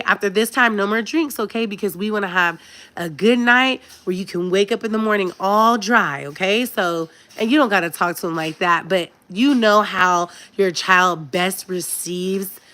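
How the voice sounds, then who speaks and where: Woman, thirties, chatty vlog advice, emphatic, fairly low voice. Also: bright, forceful tone. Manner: chatty and emphatic, addresses viewers as y'all. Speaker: vlogger giving parenting advice. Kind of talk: casual direct-to-camera advice talk.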